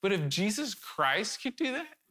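A man's voice: sits high, sing-song, measured pace, sharp tone. Earnest man preaching a sermon. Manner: earnest and urgent, with sudden emphatic rises; conversational, with candid asides and restarts.

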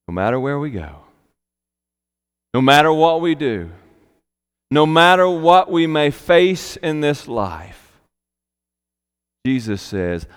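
Male pastor, sermon, slow emphatic delivery, smooth resonant voice, echo of a long hall. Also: mid-range voice, big pitch swings. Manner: slow, emphatic preaching with repeated phrases.

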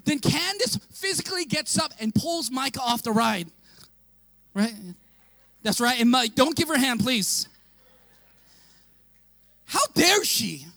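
Man with a very high voice, pastor, animated sermon, shouts at times, dry close sound. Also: a little slow, gravelly, pauses often, no room sound. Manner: animated, often shouting and laughing while telling a story. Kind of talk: storytelling sermon.

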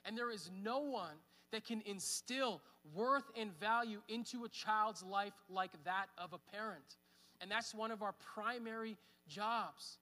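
A man's voice: high-pitched, unhurried, sharp tone, long reverb tail. A man in his thirties preaching a sermon at church, conversational, with fillers. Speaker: pastor. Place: church hall.

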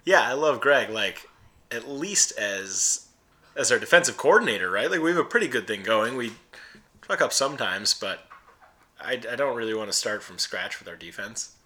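A man's voice: medium pitch, animated, normal speed, bright, forceful tone. A man co-hosting a sports podcast, rambling loosely in profane, casual fan talk. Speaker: podcast co-host.

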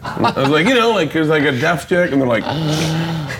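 Loud laughing dude hosting a cooking show, crude jokes, noisy background. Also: male voice, on the high side, big pitch swings, quick pace. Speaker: host. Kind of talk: casual comedic banter while cooking.

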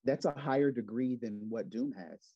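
A man's voice: mid-range voice, normal speed, breathy edge, dry recording. A man co-hosting a comedic podcast, teasing and boasting in mock pride. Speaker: podcast co-host. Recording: dull lo-fi mic.

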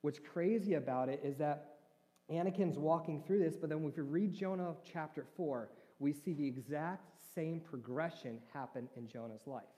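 A man's voice: a little high, normal speed, dark tone. A man preaching a conversational sermon, joking with his congregation. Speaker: pastor. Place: church hall. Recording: reverberant church hall.

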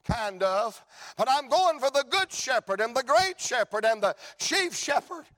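A man voicing a desperate biblical father who answers in a low, hushed, solemn voice. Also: big pitch swings, a little slow, exaggerated voice. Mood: resolute.

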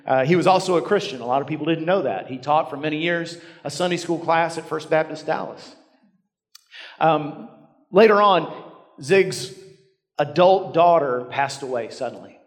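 A middle-aged man preaching a sermon as a pastor, telling stories and dropping his voice low and quiet for emphasis. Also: moderate pace. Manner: storytelling, dropping to near whisper for emphasis. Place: church sanctuary. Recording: long reverb of a large hall.

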